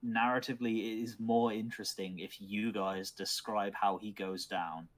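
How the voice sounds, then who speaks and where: A man acting as dungeon master, calmly narrating dice rolls and the action of a tabletop game. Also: on the low side, moderate pace.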